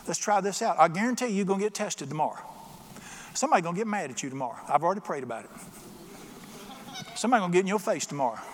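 A man's voice: sits high, lively intonation, rapid-fire, long pauses. A middle-aged man preaching a sermon as pastor, folksy and storytelling, acting out little voices in his jokes. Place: church sanctuary. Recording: long church reverb.

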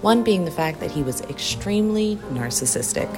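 A woman's voice: on the low side, lively intonation, normal speed. An actress playing a dry, wry young woman who narrates her own story. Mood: narrating. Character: wry young woman, recently fired radio host. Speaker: Charlie, narrator and lead. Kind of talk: first-person narration and dialogue. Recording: music playing behind.

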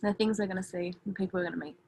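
A young woman, a podcast guest, chatting eagerly and agreeing quickly. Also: mid-range voice, fairly even intonation, darkish tone, a little hiss or hum. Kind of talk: casual chat.

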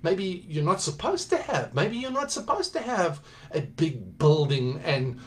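Guy preaching a sermon, kinda higher voice, chatty story then gets really emphatic. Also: sing-song, unhurried. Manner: conversational, building to emphatic exhortation.

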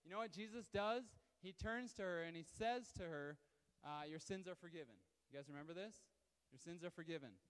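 A man preaching a sermon to a live congregation in a conversational, animated way, full of asides to the audience. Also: on the high side, brisk, clean tone, in a large hall. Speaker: pastor. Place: church hall, live service.

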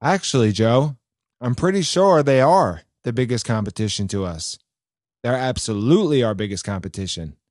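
A man's voice: mid-range voice, animated, moderate pace, darkish tone, no echo, studio quality. A man hosting a podcast in casual political commentary, loose and blunt, swearing freely as he reads and reacts to news stories. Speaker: podcast host.

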